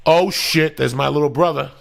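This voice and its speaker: A man's voice: a little high, moderate pace. A middle-aged man, a podcast host ranting with heavy swearing and acting out movie lines. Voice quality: gravelly. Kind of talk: profane storytelling rant.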